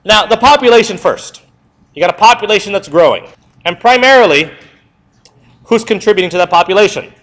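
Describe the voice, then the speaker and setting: A young man teaching in a classroom, his fairly high voice jumping up and down in pitch as he fires questions at the class. He reviews a history unit at a brisk, conversational clip, recorded from a little distance in the room. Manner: lively, asks the class questions and answers them himself.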